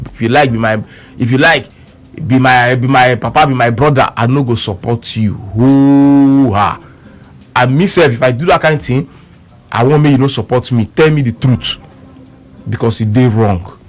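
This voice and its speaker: A man speaking with a Nigerian Pidgin accent, telling a story on radio with emphatic repeats and quoted back-and-forth. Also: mid-range voice. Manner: emphatic, repeats words, quotes both sides of an argument.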